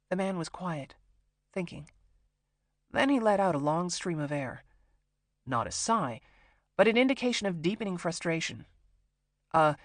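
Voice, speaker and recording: Dry, steady thriller narrator. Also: mid-range voice, moderate pace, long pauses, no room sound. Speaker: audiobook narrator. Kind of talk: scripted narration.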